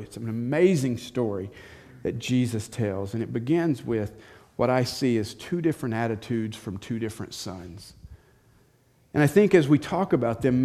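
A male pastor preaching a sermon, telling a story with animated, dramatic delivery. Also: medium pitch. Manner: animated storytelling, acting out the scenes.

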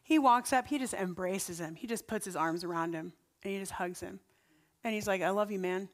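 A woman's voice: mid-range voice, normal speed. A woman pastor preaching a sermon, telling personal stories in a conversational, earnest way before leading a prayer. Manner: conversational storytelling, earnest and animated.

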